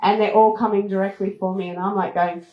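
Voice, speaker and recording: A woman who hosts a travel show, telling a story to a retreat audience in a lively way, laughing often and squealing as she acts out moments. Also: mid-range voice, fast, highs cut off. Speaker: travel TV host giving a talk. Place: event room at a retreat. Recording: roomy echoing hall.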